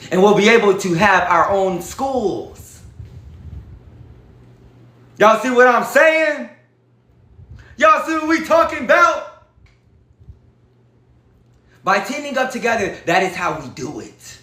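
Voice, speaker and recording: A man's voice: high voice, very animated, a little slow, long pauses, fairly bright tone, roomy sound. A man vlogging to his viewers in a casual, emphatic, preachy way, often calling out to them as y'all. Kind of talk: casual direct-to-camera talk.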